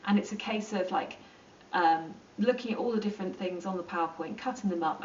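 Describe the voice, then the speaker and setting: A woman's voice: lowish voice, a little hiss or hum. Chatty woman teaching in an echoey room. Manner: chatty, with many ums and quick acted-out asides. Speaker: psychology teacher. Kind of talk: informal lesson explaining to camera. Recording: roomy, distant and dull.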